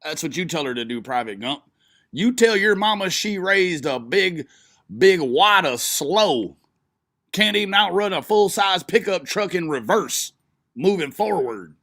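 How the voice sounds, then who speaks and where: A high-pitched, expressive male voice with a fairly bright tone moves a little slowly as this streamer reacts to a live video. He swears, mocks, and keeps breaking into laughter. The studio-quality audio has no echo.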